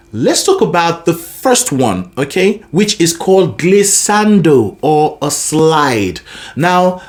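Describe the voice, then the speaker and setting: A man teaching a singing lesson as a vocal coach, talking in an expressive, demonstrative way. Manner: expressive, demonstrative, lively pitch.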